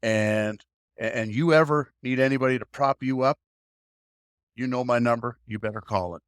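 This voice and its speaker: A man's voice: medium pitch, moderate pace, clear, resonant tone, dry recording, studio quality. A man hosting a podcast, talking in an encouraging, emphatic way to his guest. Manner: warm encouraging, emphatic praise. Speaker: podcast host. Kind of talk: casual podcast talk.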